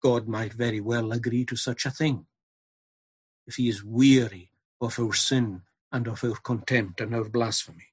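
Husky-voiced man preaching. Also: medium pitch, steady tone, normal speed. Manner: earnest, building to emphatic repetition. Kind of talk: sermon.

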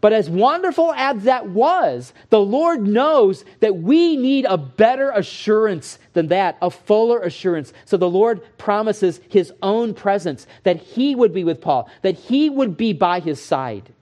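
A man preaching a sermon, teaching from scripture in an earnest, emphatic way, slowing down to stress key words and explaining Greek terms. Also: sits high, animated, darkish tone.

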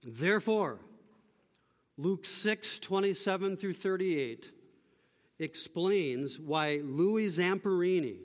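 High-voiced preacher man, echoing hall. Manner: emphatic preaching, rising to calls then dropping to quiet, slow summaries. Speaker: pastor. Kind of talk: sermon.

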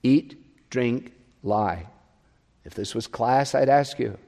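A man preaching an expository sermon, pressing his points with loud rises and then dropping to a soft, low voice. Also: slow, big-room sound. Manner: emphatic, swinging between loud rises and soft drops.

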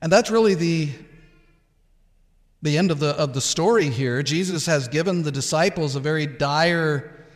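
A man preaching a sermon as pastor, emphatic and expressive, sometimes acting out the words of others. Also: on the high side, moderate pace, in a large hall. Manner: emphatic, acts out Peter's protests.

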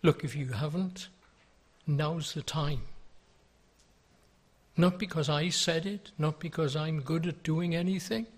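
Older pastor, husky, unhurried sermon delivery, pleading tone. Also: male voice, fairly high pitch. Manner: earnest, pleading, with rhetorical questions.

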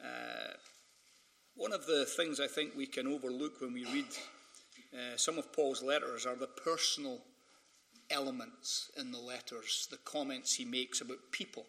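A Scottish man, a pastor, delivers a sermon in a strikingly bright, ringing voice at a middling pitch. He slips into funny anecdotes, briefly mimicking other people's voices before returning to the text. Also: fairly even intonation, a little slow, vocal fry. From Scotland. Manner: storytelling, humorous, mimics voices in quotes. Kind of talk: conference sermon with personal anecdotes.

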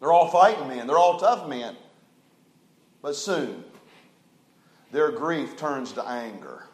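A man preaching a sermon as pastor, telling stories folksily and swinging from loud emphasis to a hushed low voice. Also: expressive, takes it slowly, echoey room, low-quality recording.

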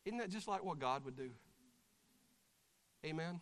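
A high-pitched, bright-voiced pastor directs helpers through a Bible story, then bursts into shouted voices as he acts it out. His voice rings through a church sanctuary with a long hall echo. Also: expressive, a little slow. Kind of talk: sermon with live acted illustration.

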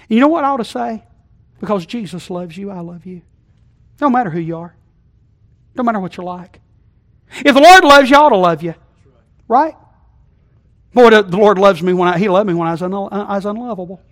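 High-voiced folksy preacher, loud to hushed. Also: male voice, brisk, pauses often. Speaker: pastor. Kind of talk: sermon. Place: church sanctuary.

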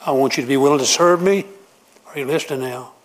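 A man's voice: mid-range voice, quick pace. A man preaching a sermon, emphatic and repetitive as he pleads with his congregation.

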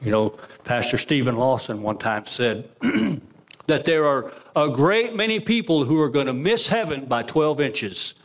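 A man preaching a sermon in a church, firing rhetorical questions at the congregation and swinging from loud to hushed. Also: mid-range voice, lively intonation, unhurried. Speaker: pastor. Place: church sanctuary.

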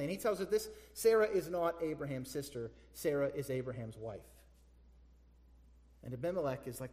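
Animated preacher man in an echoey hall. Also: a little high, fast talker. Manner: animated, rhetorical questions to the congregation. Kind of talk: sermon.

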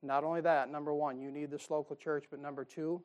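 A middle-aged man preaches to his congregation in a homespun, joking manner. His voice climbs into loud, emphatic bursts, then drops low for quiet asides. He sounds like a pastor at the pulpit of his church. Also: flat delivery, fairly quick, highs cut off. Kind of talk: sermon. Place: church sanctuary.

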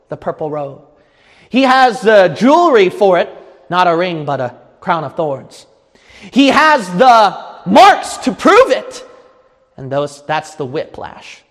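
A man preaching a sermon with passion, building from slow teaching up to shouting and crying out. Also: high voice. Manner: impassioned, rising to shouts and cries. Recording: long hall reverb.

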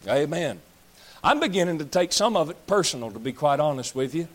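A man's voice: on the high side, sing-song, fast. A man, preaching a blunt, folksy sermon as pastor, scolding and joking with his congregation. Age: 30s. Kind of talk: fiery sermon.

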